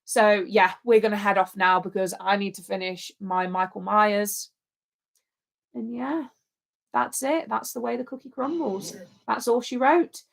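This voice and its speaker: A woman's voice: mid-range voice, steady tone, a little slow, gravelly. A woman co-hosting a livestream in casual, rambling chat. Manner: chatty and rambling. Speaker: livestream co-host.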